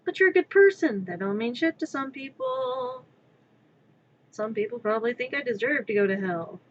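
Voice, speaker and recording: A woman's voice: fairly high pitch, animated, normal speed, muffled recording, a little hiss or hum. A woman streamer chatting casually while she crafts, rambling, wry and blunt, swearing now and then. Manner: rambling, wry, swears freely, swings to loud exclamations.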